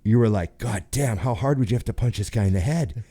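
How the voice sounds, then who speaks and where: A man's voice: lowish voice, a little fast. A man from Canada, a pro bodybuilder, telling stories casually and acting out the other voices in them. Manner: animated, acts out the voices in his stories. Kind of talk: casual storytelling.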